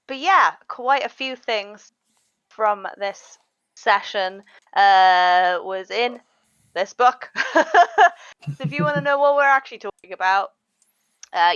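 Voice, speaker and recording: A woman game master winding down a live tabletop game stream in relaxed, chatty talk full of fillers and laughs. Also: medium pitch, clean tone, no echo, muffled recording. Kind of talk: casual wrap-up chat on a live stream.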